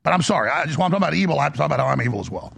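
On a radio talk show, a male host delivers a fiery, sermonizing monologue in a rough, husky voice that climbs high and drops low. His intonation is lively, his pace racing, and his tone a little bright.

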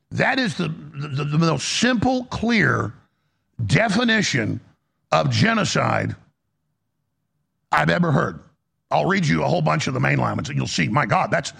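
A man holds forth on a political commentary show, heated and emphatic, restarting sentences as he goes. His voice is high and swings widely in pitch, with heavy vocal fry and a husky edge. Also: fairly bright tone.

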